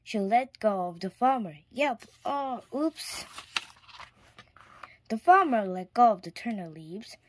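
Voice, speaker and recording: A woman reading a children's picture book aloud in a clear storytime manner, now and then dropping to a whisper. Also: medium pitch, expressive, normal speed, hardly any pauses. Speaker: storybook reader.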